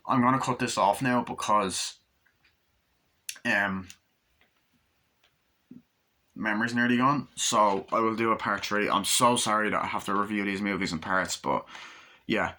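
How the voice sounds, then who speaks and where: A man's voice: fairly low pitch, a little slow, long pauses, sharp tone. A man casually retelling a film in a vlog, rambling with lots of "like" and swearing now and then. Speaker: movie reviewer. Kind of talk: casual movie review vlog.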